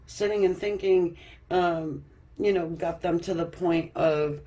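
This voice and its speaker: A woman reads tarot cards in a relaxed, chatty way. She laughs often, trips over her own words and swears freely. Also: fairly low pitch, measured pace. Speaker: tarot reader. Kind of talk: casual tarot card reading.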